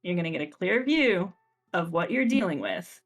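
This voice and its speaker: A woman narrating as game master of a horror tabletop game, describing scenes slowly and deliberately. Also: fairly low pitch, animated.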